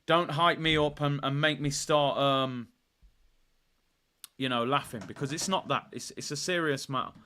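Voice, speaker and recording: On a relaxed football live stream, the male host reads out comments from viewers and cracks jokes, lively and prone to sudden loud outbursts of excitement. His voice is fairly high, clear and resonant, and he talks at a normal speed.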